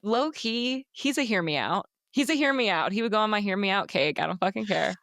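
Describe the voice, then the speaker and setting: A woman's voice: medium pitch, lively intonation, a little fast, a bit bright, no echo. A woman co-hosting a casual book podcast, talking animatedly, swearing freely and acting out characters' lines. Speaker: podcast co-host.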